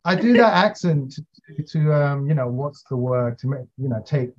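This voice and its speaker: A man's voice: fairly high pitch, normal speed. Hesitant man guest, dull lo-fi sound. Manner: hesitant, many fillers and restarts, chatty. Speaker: interview guest, actor. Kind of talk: casual interview chat.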